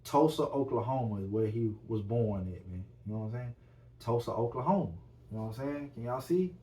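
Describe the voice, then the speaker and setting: Man, podcast host, casual hyped talk, slangy, repeats himself, middle pitch, a bit far from the mic. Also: lively intonation, brisk, dark tone. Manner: hyped, repetitive, slangy, keeps addressing viewers. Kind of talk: casual solo chat.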